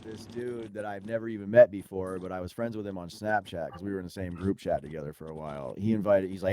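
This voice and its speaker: A man guesting on a podcast, telling a story in casual, profane slang and getting animated when he retells exchanges. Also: low-pitched, fast, few pauses. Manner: profane, slangy, says dude and bro a lot.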